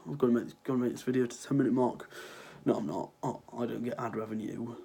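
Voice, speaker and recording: A man's voice: mid-range voice, fairly even intonation, fast, creaky, hardly any pauses, mellow, slightly rough. Sniffly sarcastic teen guy ranting. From Ireland. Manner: sarcastic, rambling, swears freely. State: sick with a cold, sniffling. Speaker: vlogger. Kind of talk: casual ranting vlog.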